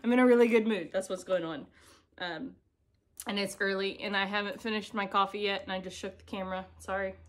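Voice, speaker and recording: A woman's voice: mid-range voice, steady tone, brisk. A woman chatting casually to camera at home as a cross-stitch vlogger, giggly and self-deprecating, filmed by a camera set on an ironing board. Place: home, indoors.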